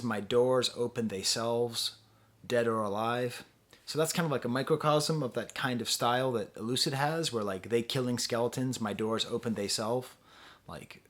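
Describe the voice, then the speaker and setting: A man giving a casual spoken album review, musing and hesitant, often laughing between thoughts. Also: mid-range voice. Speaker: music reviewer.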